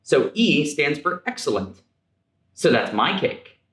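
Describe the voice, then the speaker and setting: A man's voice: a little high, very animated, takes it slowly, a bit bright, exaggerated voice. A man reading the part of a boastful, stubborn little girl in a picture book, close to his own voice, in an echoey room.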